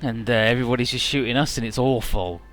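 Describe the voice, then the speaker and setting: A let's player narrates a video game with joking, rambling commentary full of "uh" fillers. His mid-range voice is quick and fairly bright, with faint music playing behind him.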